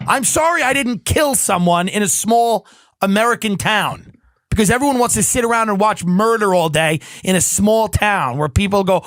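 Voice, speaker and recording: A man's voice: high voice, moderate pace, fairly bright tone, no room sound. A man doing a profane, sarcastic comedic rant, mocking and swearing as he goes.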